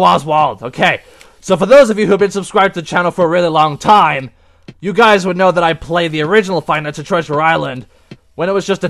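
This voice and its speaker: A young man commenting on a horror game as he plays, excitable and easily startled into yelps. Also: a little high, vocal fry. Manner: excitable and jumpy, yelps and shouts at scares. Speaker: gaming video host. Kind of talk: let's play commentary.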